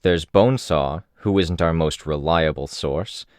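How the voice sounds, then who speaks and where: An actor reading a hostile, metal-skinned young team leader in an audiobook, speaking in a harsh, confrontational tone. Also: male voice, rumbling low, measured pace, a little mellow, dry recording, clean studio sound.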